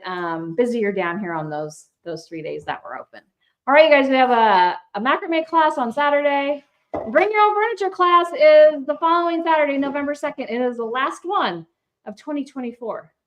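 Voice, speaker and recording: A woman's voice: high voice, poor audio. An older woman, a shop owner and grandmother, chatting casually on a livestream and slipping into sing-song baby talk with her grandkids. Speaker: furniture painting shop owner.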